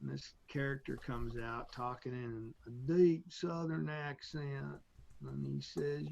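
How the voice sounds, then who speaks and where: A man as a podcast guest, telling motivational stories in an energetic, emphatic way and often checking in with "right?". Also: medium pitch, slow pace, creaky, dull audio. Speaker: guest, entrepreneur. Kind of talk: animated motivational storytelling.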